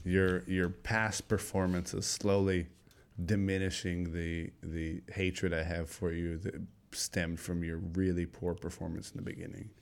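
A man with a somewhat low voice ribbing his friends in relaxed podcast chat. His tone is dry and teasing. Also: measured pace, creaky, clear, resonant tone. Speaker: podcast host. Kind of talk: casual chat.

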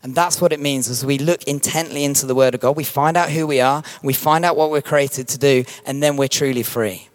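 A man, a pastor preaching a sermon with animated storytelling and acted-out quotes. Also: mid-range voice.

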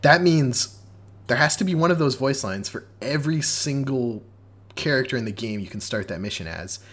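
A man's voice: medium pitch, lively intonation, normal speed, a bit bright. A man co-hosting a podcast in casual chat, opinionated and analytical, often repeating words as he starts. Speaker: podcast co-host.

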